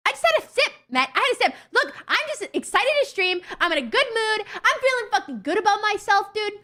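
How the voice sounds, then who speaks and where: A young woman streamer chatting casually with her viewers, blunt, excitable and swearing constantly. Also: very high-pitched, brisk. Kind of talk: casual livestream chat with viewers.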